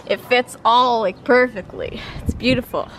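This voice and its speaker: A woman's voice: a little high, normal speed, fairly bright tone, slight background noise. A woman in her twenties chatting casually to the camera in a vlog, bubbly and giggly. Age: 20s. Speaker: vlogger.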